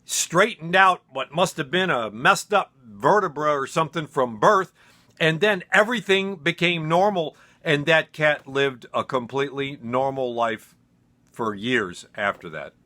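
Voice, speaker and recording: A man's voice: on the high side, lively intonation, measured pace, bright, forceful tone. A man telling a personal story in a casual, rambling, self-deprecating way with many fillers.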